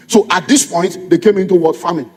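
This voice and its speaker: A man's voice: high voice, fairly quick, a little mellow. A middle-aged man with a Nigerian accent, preaching a sermon as a pastor, firing repeated rhetorical questions at his congregation. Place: church. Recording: long reverb of a church hall.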